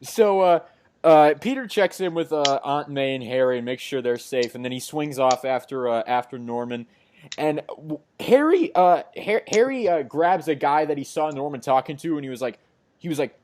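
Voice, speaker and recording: A man of middle pitch walks through a comic issue in an easy, chatty way. He leans on "uh" and "like" as he talks, and acts out the characters' lines as quotes. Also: normal speed, a little mellow. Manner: recaps with many fillers, acts out quotes. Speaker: podcast host. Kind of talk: casual comic book recap.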